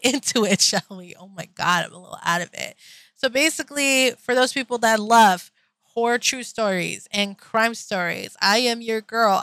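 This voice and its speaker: A woman's voice: fairly high pitch, a bit bright, no echo, poor audio. A young woman hosting her podcast and telling a true crime story in a casual, chatty way. She is a bit out of breath, trips over her words and laughs it off. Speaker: podcast host.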